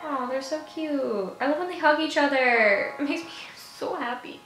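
A woman with a high voice reacts excitably to a music video at normal speed, gushing, giggling, and talking to herself. The room is echoey, with the music video playing in the background.

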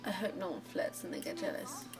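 Woman gaming host, casual chatty commentary over game music. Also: brisk. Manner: chatty, giggly, cheering on the game. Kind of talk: casual let's play commentary.

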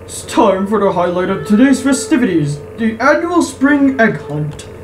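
A woman putting on a deeper voice to play an older male town mayor making a festival announcement. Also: big pitch swings, moderate pace, noisy background, lightly acted. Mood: announcing. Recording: echoey distant mic with game music.

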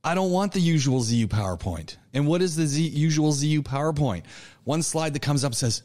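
Male instructor, online speech class lecture, animated, coaching, restarts a lot. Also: a little high, brisk. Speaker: college public speaking instructor.

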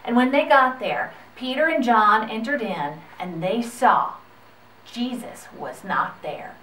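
A woman's voice: a little high, takes it slowly. Woman telling a children's Bible story. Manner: gentle, expressive storytelling. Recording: echoey room, far from the mic.

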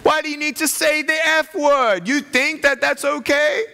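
Animated man preaching in a hall. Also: very high-pitched, moderate pace, gravelly. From Australia. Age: 30s. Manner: animated, playful, talks directly to the crowd. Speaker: guest chapel speaker. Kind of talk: motivational chapel sermon. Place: college chapel hall. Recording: echoey hall.

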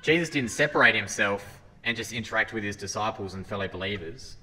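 A man's voice: fairly low pitch, fairly quick, bright, forceful tone. A man giving an earnest sermon talk as a lay preacher, reading scripture and often restarting his phrases. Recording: hall reverb, faint ambience.

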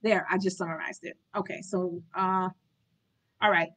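A woman's voice: lowish voice, fairly even intonation, moderate pace, a bit bright, poor audio. A woman hosting a live book club reading, reading aloud and breaking off into informal, chatty commentary.

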